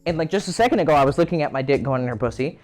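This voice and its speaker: A man's voice: fairly high pitch, expressive, very fast, faint music behind. A man hosting a dating advice talk, speaking casually, frankly and explicitly. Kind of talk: casual monologue.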